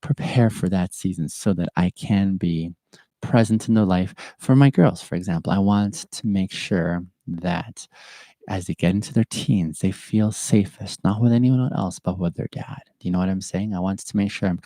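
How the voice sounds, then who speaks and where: A man's voice: low voice, moderate pace, dark tone, dry recording. A middle-aged man hosting a reflective solo podcast, speaking earnestly and thoughtfully, often repeating his phrases. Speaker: podcast host. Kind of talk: reflective solo podcast talk with live chat.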